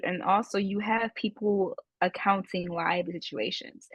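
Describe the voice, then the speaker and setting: Female podcast co-host, lower voice, casual questioning tone, dry close sound. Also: dry recording, highs cut off. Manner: casual, questioning, frequent "like" fillers.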